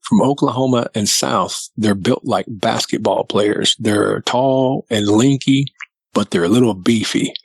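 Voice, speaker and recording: A man's voice: fairly low pitch, unhurried, vocal fry, slightly rough, no echo. A middle-aged man, a guest, telling a story in a plain-spoken, folksy way and quoting lots of dialogue. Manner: lively retelling with lots of quoted dialogue. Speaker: guest recounting a sighting. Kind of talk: casual storytelling.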